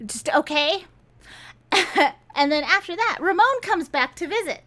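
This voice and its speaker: Exasperated high-voiced woman ranting. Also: expressive, measured pace, fairly bright tone. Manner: exasperated, sarcastic, incredulous. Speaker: book reviewer. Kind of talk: casual ranting book review.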